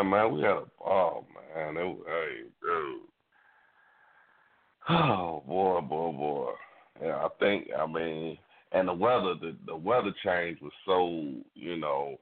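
Deep-voiced man rambling on lo-fi radio. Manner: rambling, drawn-out, laid-back slang. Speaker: radio show host. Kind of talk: casual radio banter. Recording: phone-like lo-fi radio audio.

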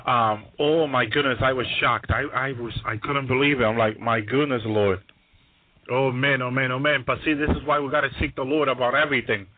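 A man's voice: mid-range voice, no echo. A man preaching a testimony on a radio ministry program. He restarts his sentences often and says "hallelujah" after almost every phrase. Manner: repeats "hallelujah" constantly, stammering restarts; grows louder and more excited. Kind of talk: testimony sermon. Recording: dry, phone-like radio broadcast line.

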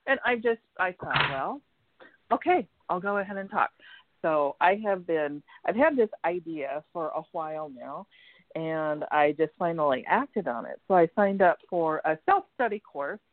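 An American woman, an energy healer guesting on a casual radio chat, speaks in a low-ish, animated voice at normal speed. Chatty and laughing often, she acts out the lines she quotes, over a tinny, dry phone line.

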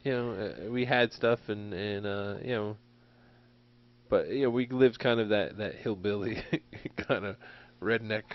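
A man's voice: on the low side, a little slow. A man co-hosting a podcast, telling a rambling, chuckling story in casual chat. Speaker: podcast co-host. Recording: dull, dry lo-fi recording.

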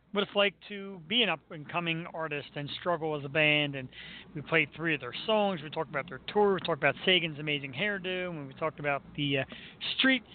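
A man hosting a live talk radio show, joking brashly and crudely with his co-host. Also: fairly high pitch. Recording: tinny phone-line audio with faint hiss.

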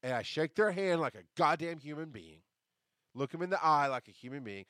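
A man's voice: mid-range voice, fast, a bit bright, smooth, dry recording, studio quality. A man hosting a podcast in a casual, rambling monologue. He swears freely and breaks off to answer live chat comments. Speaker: podcast host.

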